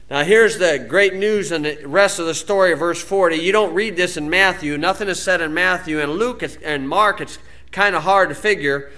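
A man preaching in a folksy, storytelling way, his voice swinging from loud, emphatic peaks down to low, quiet stretches. His tone is bright and forceful, set a little higher than most men's. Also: moderate pace. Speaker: pastor. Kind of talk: sermon.

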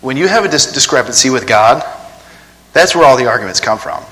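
A man's voice: medium pitch, lively intonation, fairly quick, sharp tone, in a large hall, poor audio. A man preaching a sermon in a conversational way, often asking the congregation rhetorical questions.

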